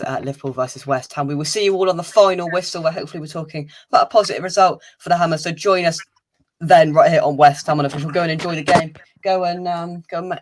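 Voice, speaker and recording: A man hosting a casual, upbeat football fan show, chatting with guests and laughing easily. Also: fairly high pitch. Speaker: host of a fan channel's pre-match show.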